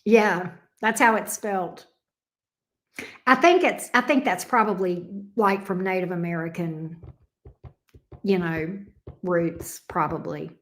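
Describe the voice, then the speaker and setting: A woman's voice: lowish voice, slow pace, long pauses, a bit bright. A Southern woman from Alabama hosting a live stream, chatting casually and rambling as she reacts to viewer comments. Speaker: tarot reader and live stream host.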